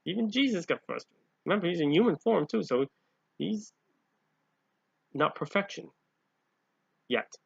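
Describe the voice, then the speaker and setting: A man's voice: high voice, lively intonation, a little slow, vocal fry, long pauses, breathy edge, no room sound. A man reading Bible passages aloud and explaining them as a lay preacher, often growing emphatic. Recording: dull, lo-fi home recording.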